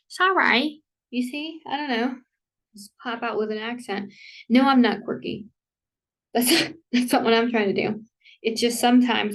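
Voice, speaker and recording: A woman's voice: a little high, gravelly. Rambling woman vlogger, a bit off-mic. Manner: rambling, self-interrupting, full of "like" and quick apologies; laughs between thoughts. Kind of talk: casual rambling rant to camera. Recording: voice somewhat distant from the mic.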